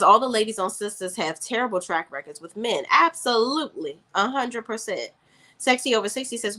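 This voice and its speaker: Recapping a TV drama on a casual live stream, a woman with a mid-range voice and a sharp tone banters sassily with her audience. She keeps the talk chatty and reads comments from the chat aloud.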